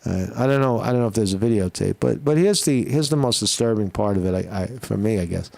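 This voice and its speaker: A man hosting a political commentary show, ranting bluntly and profanely with many halting restarts. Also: fairly low pitch, lively intonation, vocal fry, darkish tone, no echo.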